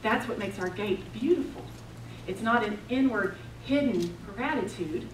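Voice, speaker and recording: A woman preaching a sermon at a retreat, telling the story with passion and swinging between loud declarations and hushed, intense moments. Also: mid-range voice, expressive, measured pace, a little hiss or hum. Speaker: women's retreat speaker. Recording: roomy, distant mic, faint ambience.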